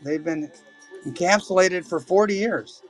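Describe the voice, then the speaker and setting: A man hosting a live coin auction stream, talking casually and exclaiming excitedly over silver coins. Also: high voice, measured pace, soft background music. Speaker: livestream auction host.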